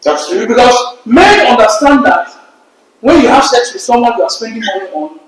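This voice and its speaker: High-pitched emphatic man in echoey room. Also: animated, normal speed. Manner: emphatic, repeats words, storytelling. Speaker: podcast panelist. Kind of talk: casual debate.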